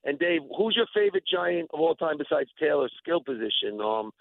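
A man's voice: fairly high pitch, very animated, brisk, no room sound. A man in his forties calling in to a radio show with his morning voice, talking in a rambling, hesitant but friendly way. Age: 40s. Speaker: radio caller. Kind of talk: phoned-in chat. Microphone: telephone. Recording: tinny phone line.

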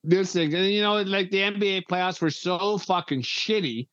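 A man co-hosting a casual sports podcast, talking in an excitable, profane way and never slowing down. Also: sits high, no echo, highs cut off. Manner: excitable, profane, says he can't talk slowly. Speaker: podcast co-host.

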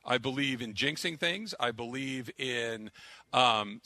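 A man's voice: mid-range voice, slow pace, bright, forceful tone, no echo. A man hosting a sports radio show, chatting loosely and joking with his co-hosts. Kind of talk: casual radio show chat.

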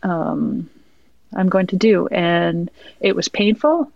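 A woman's voice: fairly low pitch, lively intonation, slow pace, vocal fry, a little mellow, dry recording. A woman from the West Coast of Canada, a guest in casual chat, modest and laid back, with many fillers. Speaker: guest, soccer player. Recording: dull dry sound.

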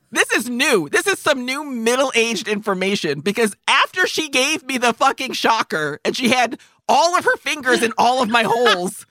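Telling a profanity-laced comic story on the podcast she co-hosts, this woman in her forties voices the other characters herself. She sounds a little high and a bit bright, and the recording is dry and studio quality.

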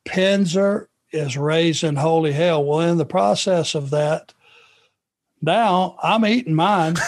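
A middle-aged man from Georgia, a former wrestler telling road stories in a relaxed, anecdotal way. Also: a little high. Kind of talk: podcast storytelling.

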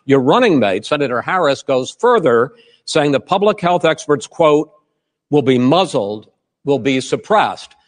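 A man moderating a televised debate, measured and firm, pressing the candidates with direct questions. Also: fairly high pitch, big pitch swings. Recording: long hall reverb.

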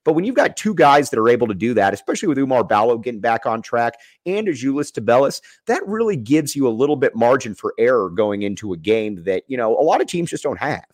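An animated man hosts a sports podcast, his voice swinging up and down with enthusiasm. He rambles a little while setting up his questions. The sound is dry and close. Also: medium pitch, fast, few pauses, no echo. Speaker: podcast host.

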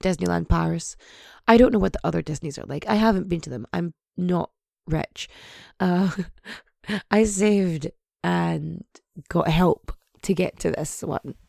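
A woman in her thirties or forties hosting a podcast in casual, rambling, jokey chat, swearing freely, her voice hoarse, nasal and husky. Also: fairly low pitch, unhurried, mellow, dry recording, studio quality. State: hoarse, voice partly gone. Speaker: podcast host.

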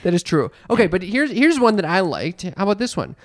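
A man's voice: dry recording, clean studio sound. Wry man podcast co-host. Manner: wry, sometimes puts on a slow low relaxed voice. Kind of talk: casual chat.

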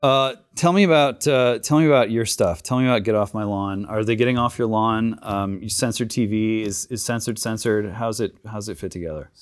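Dry, low-voiced male podcast host. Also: a little fast, hardly any pauses, clear, resonant tone. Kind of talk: casual chat.

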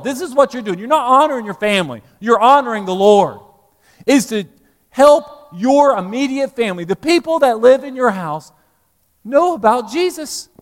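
A middle-aged man preaching a sermon as pastor, animated, rising to loud emphasis then dropping low. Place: church sanctuary. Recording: long hall reverb in church.

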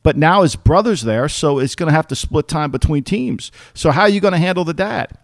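A man's voice: on the high side, lively intonation, fairly quick, gravelly, no echo, studio quality. A middle-aged man co-hosting a sports podcast, arguing bluntly and emphatically and cursing freely. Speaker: podcast host, former football executive. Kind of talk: casual sports podcast chat.

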